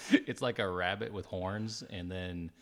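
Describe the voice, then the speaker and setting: A man's voice: deep voice, slow, fairly bright tone, a little hiss or hum. A man co-hosting a podcast, rambling through a story in casual chat and laughing often. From New Mexico. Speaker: podcast co-host.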